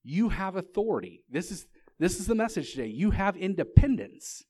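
A man preaching a sermon, reading scripture and telling stories in a relaxed, conversational way. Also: high voice, moderate pace, no echo. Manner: casual, conversational storytelling. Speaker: pastor.

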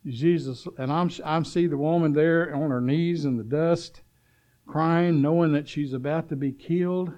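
A man preaching a sermon, swinging between loud urgent calls and hushed storytelling, asking the congregation if they are listening. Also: a little high, a little slow.

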